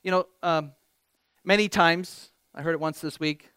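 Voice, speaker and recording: A man preaching a sermon as pastor, animated, reading scripture with rising emphasis and joking about himself. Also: on the high side, a little slow, clear, resonant tone, no echo. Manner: animated, quotes scripture with rising emphasis, self-deprecating humor.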